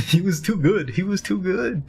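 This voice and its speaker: A man voicing an excitable young woman cat in a video game, raising his voice high. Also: slow pace, slight background noise, exaggerated voice. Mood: giddy. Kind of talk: reading game dialogue aloud.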